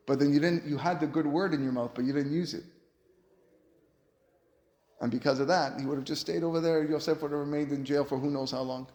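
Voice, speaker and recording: A man's voice: a little high, fairly even intonation, brisk, darkish tone. A man, a rabbi, giving a sermon-style lesson with earnest, rhetorical storytelling. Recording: roomy echo.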